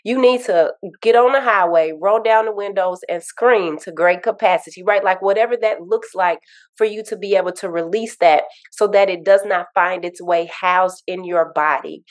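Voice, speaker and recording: A woman grief coach talking in an interview, earnest and animated, telling stories and repeating affirmations. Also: mid-range voice, moderate pace. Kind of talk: interview conversation.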